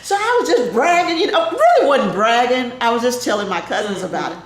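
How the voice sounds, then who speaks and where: An older woman animatedly telling a family story in an interview, laughing often and acting out the voices of people in it. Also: fairly quick. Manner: lively, laughing, acts out voices in high shouts. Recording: echoey room with faint noise.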